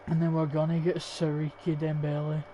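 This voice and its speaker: A young Scottish man casually talking through a football game, thinking aloud and swearing as he goes. His voice sits a bit high yet sounds mellow, with a flat, even delivery. A faint hiss sits under the recording. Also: normal speed, rough recording. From Scotland. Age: young adult. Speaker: gaming YouTuber. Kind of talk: casual gameplay commentary.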